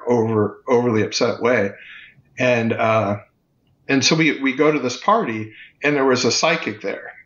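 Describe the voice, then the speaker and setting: A man in his fifties telling a personal story in a casual, halting way, with lots of fillers and restarts. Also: on the low side, a bit bright. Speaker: guest. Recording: muffled, roomy recording.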